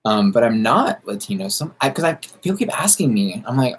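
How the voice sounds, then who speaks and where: An American drag queen streamer, campy and sassy, does her makeup on a livestream while firing back casual answers to viewer questions in drag slang. His husky voice sits at a middling male pitch and is very animated, running a little fast with few pauses.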